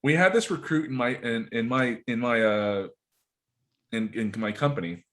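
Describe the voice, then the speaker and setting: Profane, animated male podcast guest. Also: medium pitch, normal speed. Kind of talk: casual podcast chat, storytelling.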